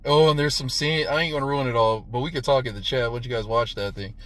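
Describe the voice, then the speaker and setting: A man in his thirties giving a casual, profane movie review, punctuating the retelling with "boom" sound effects and "right?" after nearly every line. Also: fast talker. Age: 30s. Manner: animated, profane, says "right?" constantly.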